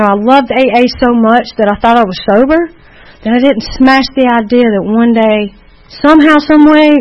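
A woman's voice: medium pitch, highs cut off. A woman giving personal testimony at a recovery meeting, candid and rambling, with many restarts as she tells her story.

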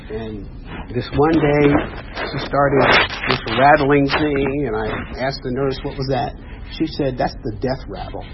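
A man's voice: medium pitch, unhurried. A man giving a personal testimony at a recovery meeting, telling his story earnestly and acting out the dialogue. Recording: dull lo-fi sound, faint hiss.

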